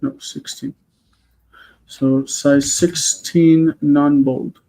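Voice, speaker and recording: A man teaching a grammar lesson on a video call, explaining patiently and slowing down to spell out words. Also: on the high side, big pitch swings, gravelly, mellow, low-quality recording. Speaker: Hebrew teacher. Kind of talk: online class lesson.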